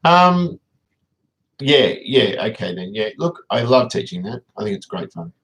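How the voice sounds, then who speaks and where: Chatty teacher greeting stream viewers. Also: male voice, fairly low pitch, normal speed, a bit bright, poor audio. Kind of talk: casual live-stream chat.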